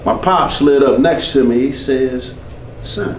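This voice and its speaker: A man's voice: mid-range voice, a little slow, a little hiss or hum. A retired military man in his fifties doing a stand-up comedy set, telling loose stories and bantering with the crowd. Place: small club stage. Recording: roomy club sound from far off.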